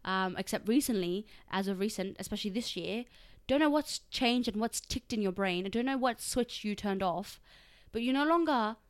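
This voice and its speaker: A woman's voice: medium pitch, expressive, normal speed, clean tone. A young woman co-hosting a podcast, talking casually and scolding her friend in exasperation. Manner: chatty, exasperated scolding, laughs. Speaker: podcast co-host. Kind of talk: casual chat.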